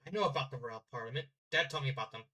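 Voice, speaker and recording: A man's voice: medium pitch, rapid-fire, pushed and bright, voice pushed down. A man voicing a blunt, matter-of-fact young prince. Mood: dry. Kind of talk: fanfiction reading.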